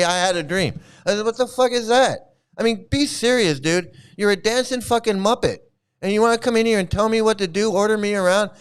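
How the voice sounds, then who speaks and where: A man's voice: sits high, smooth. A man hosting his own channel, ranting angrily in a heated, profane, repetitive way. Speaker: channel host. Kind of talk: angry ranting vlog commentary.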